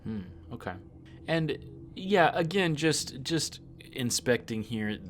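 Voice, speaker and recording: A man's voice: fairly high pitch, expressive, slow, a little hiss or hum. A man playing a tabletop role-playing game, thinking aloud and often repeating words as he asks questions. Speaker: player.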